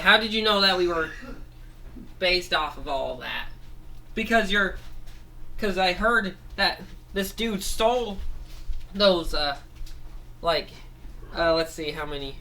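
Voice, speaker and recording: A man telling a rambling, improvised story, correcting himself as he goes and jumping into quick voices for the characters. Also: sits high, sharp tone.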